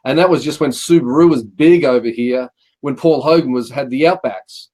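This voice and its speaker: A middle-aged man from Australia, appearing as a guest, tells meandering anecdotes about his work at a moderate pace. His voice is medium in pitch and darkish, and he acts out quotes, repeating "he says" in this casual storytelling.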